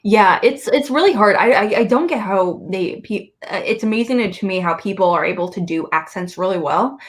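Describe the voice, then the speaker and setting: A woman's voice: medium pitch, lively intonation, brisk. A woman co-hosting a casual chat, rambling with many fillers. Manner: rambling, lots of fillers and laughs. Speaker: co-host.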